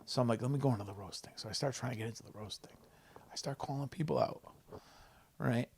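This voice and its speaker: A man, a comedian guest on a podcast, telling a story with a profane, excitable manner and loud acted-out quotes. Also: mid-range voice, fast, slight background noise. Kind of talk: animated storytelling. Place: podcast studio.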